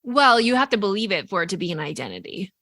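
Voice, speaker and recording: A woman's voice: medium pitch, very animated, quick pace, bright, forceful tone, no room sound, studio quality. A woman co-hosting a podcast, talking earnestly in casual reflective chat, full of "like" and "right?" as she explains. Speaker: podcast co-host.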